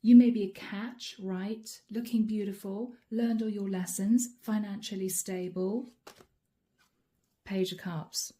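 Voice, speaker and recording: 温暖柔和、爱笑的塔罗女占卜师. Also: female voice, mid-range voice, steady tone, slow, warm tone. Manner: chatty, laughs often, voices the listener's inner thoughts. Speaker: tarot reader. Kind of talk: channeled tarot reading to camera.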